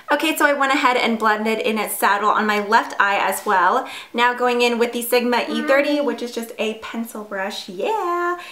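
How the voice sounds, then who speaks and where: A woman's voice: on the high side, a bit bright. A woman in her twenties chatting casually through a makeup tutorial, full of fillers and self-deprecating asides. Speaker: beauty vlogger. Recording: echoey room.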